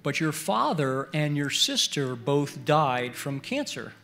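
A middle-aged man preaching a sermon at a church service, telling stories in an animated way and swinging between loud bursts and hushed prayers. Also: fairly high pitch, slow pace, soft background music. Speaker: guest preacher.

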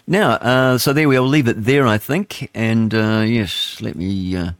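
A man's voice: on the low side, unhurried, no room sound, clean studio sound. A man with a New Zealand accent hosting live talk radio, rambling and opinionated, with plenty of fillers and chuckles. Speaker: radio talk show host. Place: radio studio.

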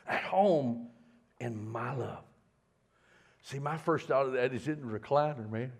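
A middle-aged man preaching a sermon in a folksy, stammering way, dropping to a hush and then building loud. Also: a little high. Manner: folksy, repeats words, swings from hushed to loud. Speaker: pastor.

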